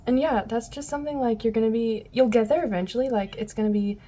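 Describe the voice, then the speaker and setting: A woman's voice: fairly high pitch, quick pace, hardly any pauses, mellow. A woman giving a casual tarot reading to her viewers, rambling and often losing her train of thought. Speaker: tarot reader.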